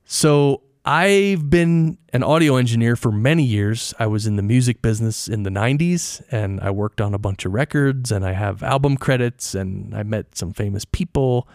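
A man's voice: mid-range voice, moderate pace, few pauses, darkish tone, no echo, clean studio sound. Chatty middle-aged male podcast host. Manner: chatty, explanatory, asks the listener questions. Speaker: podcast host and audio engineer. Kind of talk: casual solo podcast talk. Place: treated home studio with foam and rug. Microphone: close studio microphone.

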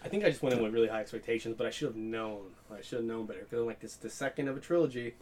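A young man hosting a casual movie chat with friends, animated, swearing freely and laughing often. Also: mid-range voice, racing.

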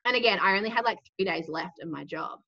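Chatty Australian woman in her twenties, bright and forward tone, casual storytelling on a dull, lo-fi recording. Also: mid-range voice, fast talker. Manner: chatty, heavy use of "like".

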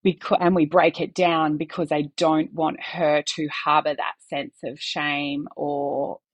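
A woman's voice: sits low, flat delivery, measured pace, no echo. A woman, a podcast guest talking candidly in earnest bursts with some restarts.

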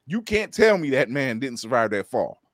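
A man's voice: mid-range voice, moderate pace, no echo. A man co-hosting a podcast, chatting casually and profanely, acting out little quotes as he tells a story. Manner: animated, profane, acts out quotes. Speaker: podcast co-host. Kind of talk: casual chat.

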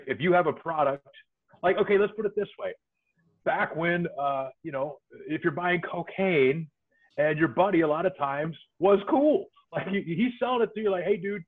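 A man's voice: fairly high pitch, slightly rough. A man co-hosting a podcast, griping in a laid-back, profane casual chat. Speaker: podcast co-host. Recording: tinny phone-like line.

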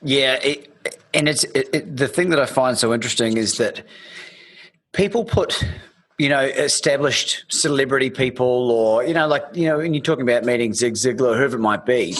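A man hosting a podcast, his voice slightly husky and breathy. He rambles through his stories with plenty of restarts and the odd swear word. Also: mid-range voice, normal speed, a bit bright. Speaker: podcast host. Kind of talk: casual interview chat.

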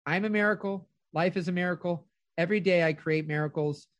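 On a motivational coaching call, a middle-aged man with a high voice talks quickly to a caller. He's earnest and affirming, making firm declarations, and the recording is dry.

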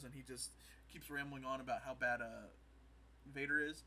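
A man with a very bright, forward voice chats casually, recapping funny scenes and dropping into brief put-on voices for each character. A faint hum of ambience sits behind him. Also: mid-range voice, fairly even intonation. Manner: retells scenes with quick put-on voices, laughing often. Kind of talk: casual chat recapping a comedy show.

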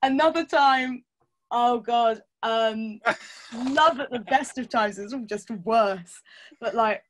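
A woman's voice: a little high, takes it slowly, a little hiss or hum. A woman chatting candidly as a podcast guest, laughing often and swearing casually. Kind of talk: casual chat.

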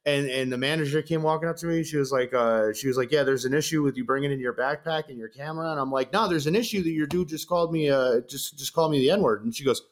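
A young man rattles through a story at high speed, his voice sitting at an ordinary middle pitch. He slips into the voices of the people he quotes and leans hard on street slang, in easygoing podcast talk. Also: fast, hardly any pauses. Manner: animated, acts out both sides of the story with slang. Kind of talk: casual storytelling chat.

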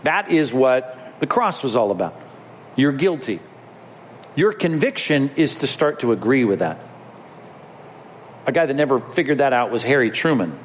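A man's voice: mid-range voice, big pitch swings, normal speed, pauses often, slight background noise. A male pastor preaching a sermon in a church, conversational and emphatic, speaking straight to the congregation. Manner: conversational, emphatic preaching with pointed direct address. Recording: long hall reverb.

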